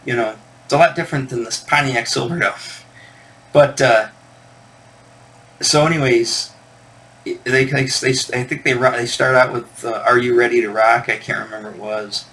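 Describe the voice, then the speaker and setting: A man's voice: mid-range voice, steady tone, moderate pace, long pauses, pushed and bright. Man rambling through a casual story. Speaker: record collector channel host. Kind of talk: casual chat to camera.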